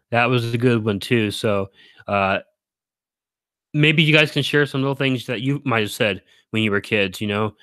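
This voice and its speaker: A man's voice: medium pitch, sharp tone, clean tone, no echo. A man streaming to his viewers in casual livestream chat, rambling and correcting himself, with frequent chuckles.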